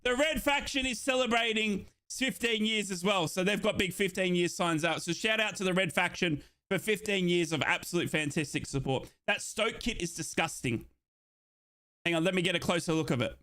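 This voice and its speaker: An Australian man hosts a live football watchalong with a chatty, excitable delivery that sometimes breaks into shouted hype. His voice sits fairly high and sounds bright and punchy. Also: moderate pace. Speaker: watchalong streamer host. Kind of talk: live football watchalong commentary, reading chat aloud.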